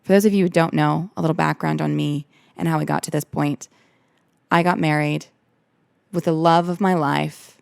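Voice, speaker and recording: A woman's voice: deep voice, steady tone, normal speed, vocal fry, a little mellow, clear, resonant tone, no room sound, clean studio sound. A young woman hosting a podcast, telling her own story in an earnest, candid way and repeating phrases for emphasis. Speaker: podcast host.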